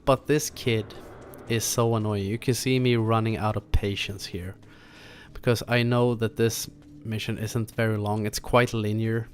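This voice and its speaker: A young man hosting a gaming channel, talking through a walkthrough in a relaxed, chatty way with chuckling asides. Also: on the low side, measured pace, a little hiss or hum. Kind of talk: casual gameplay commentary.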